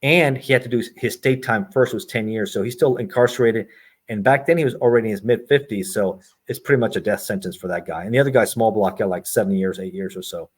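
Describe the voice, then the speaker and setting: A middle-aged man with a fairly low voice rattles through his stories at a quick clip. He is a retired agent speaking as a podcast guest, and he slips into the voices of the people he quotes. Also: slightly rough. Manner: brisk storyteller who acts out quoted dialogue. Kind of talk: storytelling in a podcast interview.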